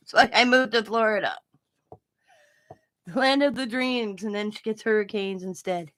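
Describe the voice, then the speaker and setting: An older woman from Wisconsin hosts a craft channel, rambling through family stories as she crafts live and laughing at her own tales. Her mid-range voice is expressive and a bit bright, moving slowly with frequent pauses.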